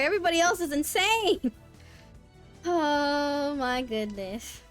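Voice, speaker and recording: A woman chats casually over her gameplay stream at an unhurried pace, her pitch swinging widely. Frequent swearing marks her talk, which shifts from quiet mumbling to high, incredulous yelps, all over faint background music.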